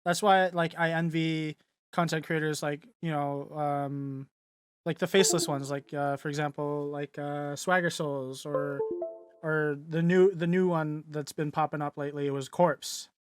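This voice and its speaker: A man's voice: a little high, fairly even intonation, unhurried, clear, resonant tone, dry recording, studio quality, faint music behind. A young man co-hosting a podcast and chatting casually, rambling with lots of fillers. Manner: rambling, filler-heavy, laughs easily. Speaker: podcast co-host and streamer. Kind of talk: casual chat.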